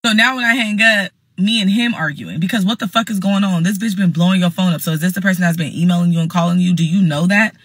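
A woman's voice: lowish voice, quick pace, few pauses, slightly rough, no room sound. A young adult woman telling a heated storytime, blunt, profane and emphatic. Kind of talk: casual storytime monologue.

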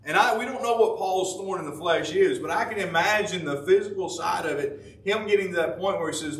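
A man's voice: high-pitched, fairly quick, fairly bright tone. A man preaching a devotion, folksy and repetitive, rising into fervent emphasis. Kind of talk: sermon. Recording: echoey room, voice from a distance.

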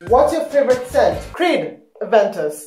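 A man's voice: very high-pitched, big pitch swings, normal speed, a little mellow. A young man from Kenya, hosting a casual Q&A vlog in a sassy, dramatic manner and swearing freely. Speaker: YouTuber. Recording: echoey room with faint music.

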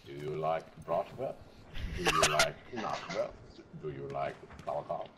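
A man's voice: a bass voice, measured pace, voice pushed down. A man putting on a pompous German officer voice. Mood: mock-interrogating. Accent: put-on German. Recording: loud gunfire and battle noise.

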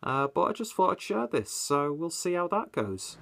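A man's voice: on the high side, sing-song, moderate pace, gravelly, background noise. A young man, chatting casually in a home vlog, rambling, self-mocking and swearing freely. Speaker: beer vlogger. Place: home, indoors and in a basement.

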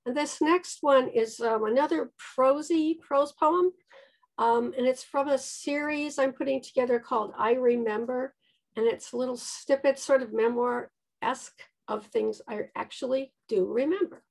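A woman reading her own poems in a measured way, with hesitant casual remarks between pieces. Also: sits high, vocal fry. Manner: slow, measured delivery with hesitant spoken intros. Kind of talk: poetry reading with casual asides.

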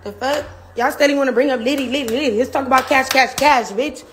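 A woman's voice: high-pitched, quick pace, slight background noise. A woman from a reality show speaking straight to the camera, taunting and trash-talking with heavy swearing and bursts of laughter. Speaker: reality show cast member. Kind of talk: direct-to-camera rant.

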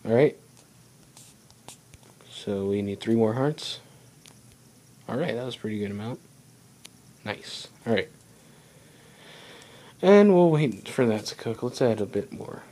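A man's voice: medium pitch, lively intonation, a little slow, pauses often, mellow. A young man giving rambling, casual commentary while playing a video game. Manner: rambling, chatty, self-talk while playing. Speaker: gaming channel host. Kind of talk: casual let's play commentary.

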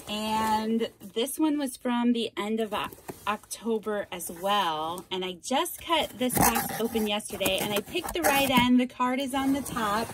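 A woman's voice: medium pitch, fairly bright tone, a little hiss or hum. A woman hosting a casual craft vlog, gushing and thanking a viewer as she unpacks a box of supplies. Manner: gushing, effusive, repeats thanks. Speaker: craft channel host. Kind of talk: casual mail-opening vlog.

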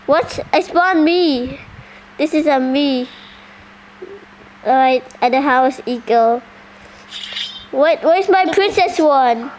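A woman giving casual gameplay commentary, excitable and full of surprised questions. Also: high-pitched, slow, long pauses, a little hiss or hum, poor audio. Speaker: gaming channel host.

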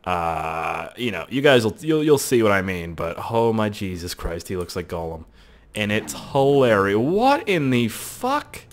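A man hosting casual video game commentary, rambling, swearing and excitable. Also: sits low, normal speed. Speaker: host.

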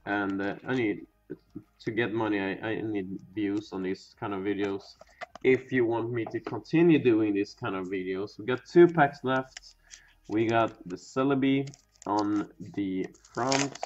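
A young man casually narrating as he opens card packs, rambling and swearing, and sometimes bursting into loud excitement. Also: on the low side, a little slow, slight background noise. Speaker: pack-opening video host. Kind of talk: casual card-opening commentary. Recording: dull lo-fi sound with faint music.

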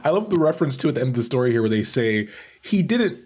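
A man's voice: sing-song, fast, a little mellow, husky. A man co-hosting a podcast, chatty and jokey while discussing a game's story. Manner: chatty and jokey, lifting his pitch for punchlines. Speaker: podcast co-host. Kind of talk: casual lore discussion.

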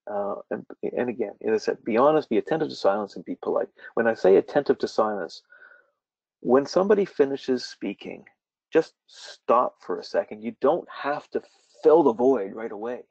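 A male workshop trainer giving a webinar lecture, animated and quick to repeat his words, with fillers. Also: mid-range voice, gravelly, slightly rough, no room sound. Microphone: webinar mic. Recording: dull distant dry webinar audio.

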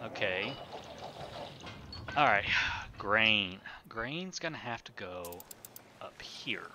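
Low, bright-voiced male game streamer. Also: animated, slow, a little hiss or hum. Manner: thinks aloud, rambling with fillers and self-corrections; chats with viewers while playing. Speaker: streamer playing a city-building game. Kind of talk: casual live-stream commentary.

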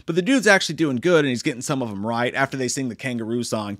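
A man's voice: mid-range voice, lively intonation, fast talker, few pauses, a bit bright. A young man giving a rambling, joking, profanity-filled movie review.

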